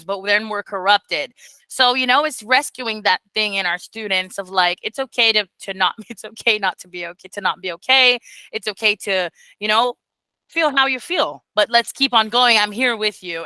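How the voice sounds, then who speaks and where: A woman mentoring beginner teachers in casual talk, expressive and blunt, swearing freely and acting out quotes, speaking over a video call. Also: on the high side, smooth, dry recording, rough recording.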